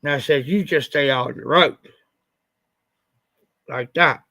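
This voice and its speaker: A man's voice: mid-range voice, a little slow, creaky, bright, forceful tone, no echo. A man from Ohio hosting a livestream, telling a rambling story and repeating "I said" as he goes, slightly stuffed up after the flu. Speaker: livestream host.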